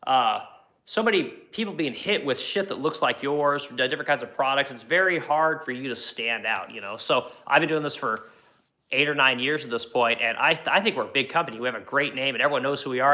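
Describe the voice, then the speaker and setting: A middle-aged furniture maker from the United States answering viewer questions in a rambling, blunt way, swearing and filling pauses with "you know.". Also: male voice, medium pitch, bright, forceful tone. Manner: rambling, profane, lots of fillers like "you know". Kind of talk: casual Q&A talk.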